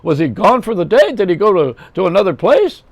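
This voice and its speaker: A sardonic old comedian , as an older man impersonates him, complaining in a lilting, needling sing-song. The voice rides up high with a gravelly edge. Each line swoops up and down as he kvetches. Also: big pitch swings, brisk, full character voice. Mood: mock indignant. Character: older male stand-up comic, kvetching and sardonic. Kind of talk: comic impression.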